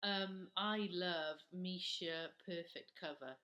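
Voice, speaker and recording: A woman from Britain talks skincare with a friend, lively and full of small anecdotes. Her voice is slightly low for a woman and plainly conversational. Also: takes it slowly, muffled recording. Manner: animated, conversational storyteller. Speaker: podcast co-host. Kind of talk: casual beauty chat.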